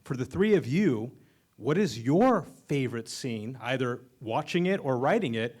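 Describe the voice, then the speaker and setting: A man's voice: medium pitch, expressive, normal speed, darkish tone. A man in a cinema audience sincerely praising a film before asking his question. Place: cinema auditorium.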